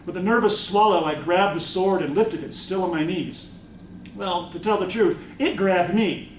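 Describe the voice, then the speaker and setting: Author reading his novel at a convention, high for a man, echoey room. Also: moderate pace, slight background noise. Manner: expressive first-person narration. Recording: echoey room, mic from far off.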